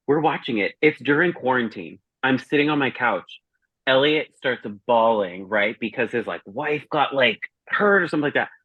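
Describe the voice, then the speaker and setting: A man's voice: mid-range voice, expressive, moderate pace, breathy edge, no echo. A man chatting casually as a guest reviewer, telling rambling, profane stories. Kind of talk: casual chat. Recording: dry, dull lo-fi sound.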